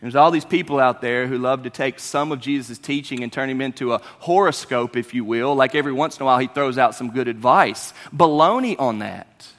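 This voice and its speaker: Bright-voiced preacher in a hall. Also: male voice, mid-range voice, fairly quick, few pauses. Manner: animated preaching, swings from loud to quiet. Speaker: pastor. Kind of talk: sermon. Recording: long hall reverb.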